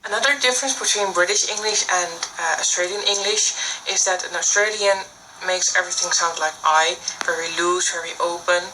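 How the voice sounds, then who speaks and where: A teenage girl with a Dutch accent presents a school project in a bright, clear voice. She explains step by step, pausing on "uh" as she goes. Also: lowish voice, steady tone, a little hiss or hum, low-quality recording. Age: teens. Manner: explanatory, with fillers.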